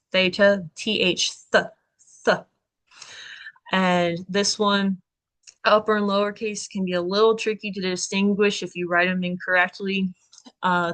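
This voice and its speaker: A woman's voice: fairly low pitch, fairly bright tone. A woman tutoring students through a recorded alphabet lesson, chatty and upbeat, walking through each stroke step by step.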